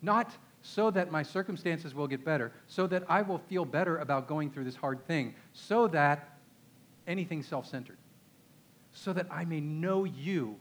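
A man's voice: fairly high pitch, a bit bright. Conversational Texan man preaching. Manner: conversational, emphatic, asks the audience rhetorical questions. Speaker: pastor. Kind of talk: sermon.

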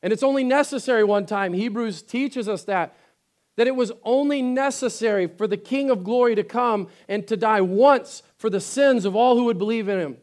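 A male pastor preaching a sermon with emphasis, swinging between loud declarations and quiet, earnest stretches. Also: sits high, normal speed. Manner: acts out scripture quotes.

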